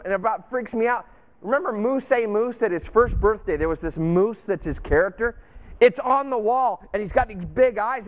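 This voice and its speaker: High-voiced man preaching casually. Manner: informal, repeats key phrases for emphasis; asks and answers his own questions. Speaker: pastor. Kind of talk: conversational sermon.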